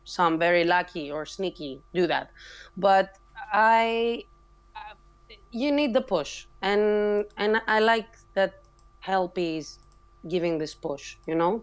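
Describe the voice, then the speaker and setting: A woman talks with passion and emphasis in a relaxed online voice chat. Her voice is fairly low, and she often restarts her sentences as she pushes her point. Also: slow. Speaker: community member introducing herself. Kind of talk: casual voice chat.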